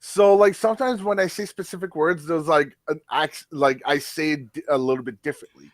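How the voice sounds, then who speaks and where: A man's voice: a little high, fairly even intonation, a little fast, no room sound. A French Canadian man chatting on a podcast as a guest, rambling with lots of fillers and restarts. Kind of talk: casual podcast chat.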